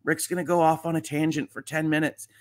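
A man's voice: a little high, level tone, brisk. A man hosting a casual morning livestream, reading viewers' chat messages aloud and chatting back with frequent filler words. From Midwest US. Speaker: livestream host. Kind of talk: casual live-stream chat.

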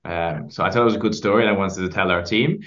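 A man being interviewed as a podcast guest, telling stories in an animated way with many restarts. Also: sits low, fast talker, lo-fi sound. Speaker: podcast guest, company founder. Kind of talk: casual interview chat.

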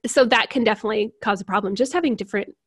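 A woman guest explaining personality types in a casual interview, animated and laughing often as she acts out examples. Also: on the high side, racing, breathy edge, no echo, studio quality. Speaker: certified personality type coach, guest.

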